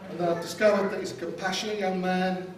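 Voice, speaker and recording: A man's voice: high-pitched, little pitch movement, fast. Man giving a joking wedding speech. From London. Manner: joking, wry delivery with punchlines. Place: wedding reception hall. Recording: distant mic in echoey room with loud ambience.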